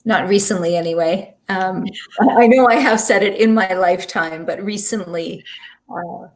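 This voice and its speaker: A woman's voice: mid-range voice, normal speed. A woman taking part as a client in a live coaching talk, speaking hesitantly with restarts. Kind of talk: candid conversation.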